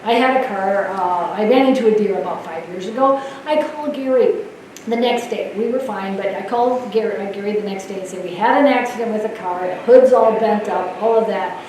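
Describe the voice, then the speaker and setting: Woman speaker, lively storyteller, heard from a distance in a roomy hall. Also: medium pitch, brisk. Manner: animated storyteller, laughs often. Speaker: nurse leadership speaker. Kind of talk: conference talk. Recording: echoey hall from far off, faint noise.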